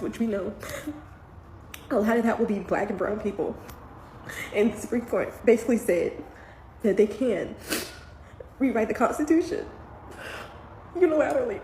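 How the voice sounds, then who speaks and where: A woman, a mother, giving emotional vlog commentary while trying not to cry, her talk earnest and halting. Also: mid-range voice, warm tone. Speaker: parent commenting on the news. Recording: echoey room with faint background noise.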